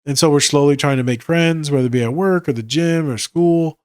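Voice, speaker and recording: A man's voice: on the high side, a little fast, darkish tone, smooth, no echo, clean studio sound. A tired man hosting a casual solo podcast as a therapist, talking in a loose, profane, conversational way. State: tired, yawning.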